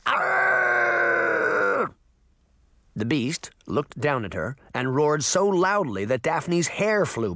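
Male narrator, very animated delivery, dry close sound, storybook read-aloud. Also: medium pitch, no room sound. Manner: lively, expressive reading. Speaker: audiobook narrator.

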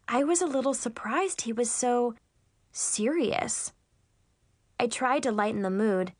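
A woman reading a storybook aloud in the first person, chatty and expressive. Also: fairly high pitch, moderate pace, no echo, studio quality. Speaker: audiobook narrator.

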